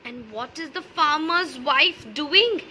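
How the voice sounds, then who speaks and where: A woman's voice: high voice, animated, takes it slowly, sharp tone, a little hiss or hum, poor audio. A woman reading a farm picture book aloud to young children, with a sing-song manner, coaxing questions and animal sounds.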